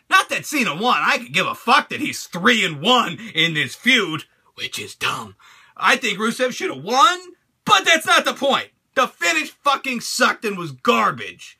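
A man hosting his own channel, reviewing a wrestling show in an animated, crude rant full of swearing and laughter. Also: very high voice, normal speed, husky.

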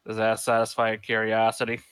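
A man's voice: fairly low pitch, completely flat delivery, fairly quick, fairly bright tone, clean tone, no room sound, natural voice. A man playing a terse blindfolded monster hunter. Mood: grim.

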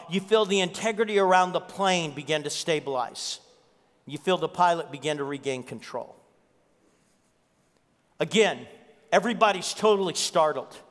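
A pastor with a high voice preaching to his church, telling a story with animated acted-out dialogue. The long reverb of the sanctuary hangs on every line. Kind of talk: sermon with storytelling.

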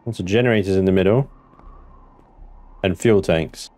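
A man narrating his own gameplay, excitable and talking to himself, swearing now and then. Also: low voice, normal speed, dry recording. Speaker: gameplay commentator. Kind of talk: let's play commentary.

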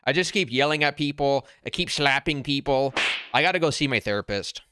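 A man hosting a casual livestream, answering viewer comments in a blunt, brash, half-yelling way while wearing headphones. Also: mid-range voice, animated, fairly quick, noisy background. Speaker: crypto channel host. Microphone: wearing noise-canceling headphones.

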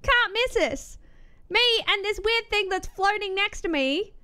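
A young woman streaming a game, gushing and excitable, swearing casually as she reacts. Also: very high-pitched, a little slow. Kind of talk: gaming reaction commentary.

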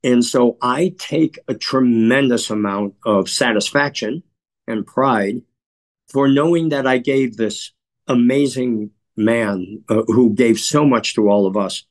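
A man from Chicago, a guest in an interview, telling stories in a measured, earnest way and often clearing his throat. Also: mid-range voice. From Chicago, USA. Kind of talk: reflective interview storytelling.

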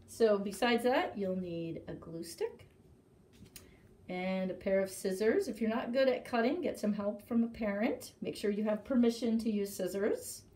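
A woman with a medium-pitched voice reading a children's story aloud with lively expression. She sounds like a librarian at storytime, recorded in a library, walking kids through a simple craft. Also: normal speed.

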